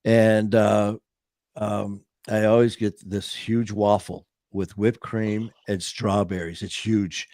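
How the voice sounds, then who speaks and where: A man's voice: lowish voice, flat delivery, takes it slowly, darkish tone, no echo. Casting: male talk host from Michigan, rambling and jokey, dry close studio mic. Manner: rambling, stop-start, jokey. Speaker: show host. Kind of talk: casual chat.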